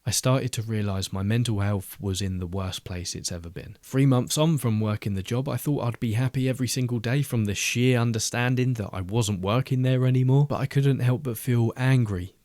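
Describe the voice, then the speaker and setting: A man, telling his own story in a reflective, measured scripted narration. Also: medium pitch, darkish tone, no echo, studio quality. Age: 20s. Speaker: channel host. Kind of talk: scripted first-person storytelling.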